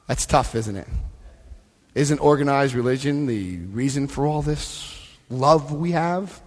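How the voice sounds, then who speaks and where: A man's voice: fairly high pitch, unhurried. Emphatic man in a reverberant hall. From Florida, US. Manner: emphatic, often checks in with "Okay?"; directs listeners through book pages. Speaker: recovery convention speaker. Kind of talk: live talk to a convention audience. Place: large convention hall with an audience. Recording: long hall reverb from a live talk.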